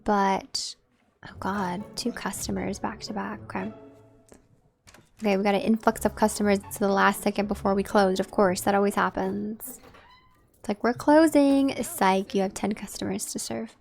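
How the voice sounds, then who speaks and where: A woman's voice: mid-range voice, flat delivery, normal speed, vocal fry. A woman live-streaming a game, chatting casually and directly with her viewers. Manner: chatty, talks straight to her chat.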